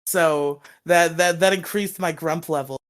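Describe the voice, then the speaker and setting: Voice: medium pitch, steady tone, measured pace. Young co-host telling a rambling story. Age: under 21. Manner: rambling, swears freely, laughs often. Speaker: podcast co-host. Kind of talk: casual storytelling chat.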